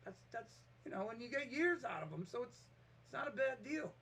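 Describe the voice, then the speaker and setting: A man with a fairly high voice talks off the cuff in a vlog. He rambles, trips over his starts and throws himself into acting out every back-and-forth. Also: a little fast, slight background noise. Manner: rambling, animated, restarts and acts out quotes. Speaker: vlogger. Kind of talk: casual storytelling monologue.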